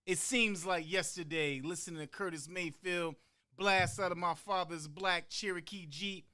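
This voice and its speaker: A man performing a heartfelt spoken-word monologue about growing up, with rhythmic pauses that land hard on key words and quoted voices acted out along the way. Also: sits high, steady tone, pushed and bright. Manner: acts out quoted voices within the story. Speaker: podcast guest performing a monologue.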